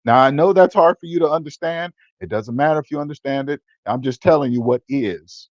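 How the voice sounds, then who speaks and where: A man's voice: on the high side, fairly quick, dry recording, dull audio. A man in his fifties hosting a personal finance channel, talking in a blunt, preachy way and repeating words for emphasis. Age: 50s. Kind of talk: casual livestream-style monologue.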